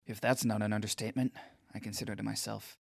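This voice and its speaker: A man's voice: fairly low pitch, little pitch movement, fast talker, creaky, dry recording, clean studio sound. An actor playing an anxious, awkward teenage boy who narrates his own story in an audio drama, speaking in an inward, self-deprecating way.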